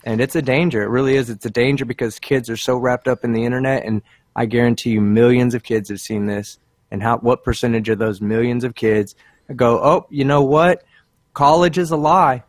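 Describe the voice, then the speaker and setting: A man's voice: mid-range voice, level tone, fairly quick, darkish tone, dry recording. A man on a casual panel chat, earnest and indignant, swearing as he talks.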